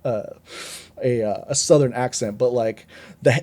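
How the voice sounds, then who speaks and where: A man's voice: mid-range voice, fairly quick, darkish tone. A man co-hosting a podcast, rambling through a casual movie review with many restarts and rants. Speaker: podcast co-host.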